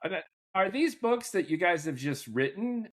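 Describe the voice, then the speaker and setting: A man hosting a podcast, asking questions in a lively, jokey way during a casual interview. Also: high-pitched, moderate pace. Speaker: podcast host.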